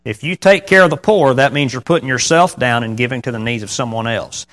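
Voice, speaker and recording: A man delivers a sermon in an easy, conversational way, with a voice of ordinary middle pitch. He keeps asking his congregation questions. He reads scripture aloud in old-fashioned wording. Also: fairly quick, a bit bright. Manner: conversational preaching with rhetorical questions. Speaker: pastor.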